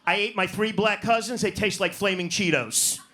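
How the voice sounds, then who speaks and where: A man's voice: sits high, normal speed, bright, forceful tone. A man doing a profane, brash stand-up set in a comedy club, working the crowd. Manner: profane, brash, riffs on audience.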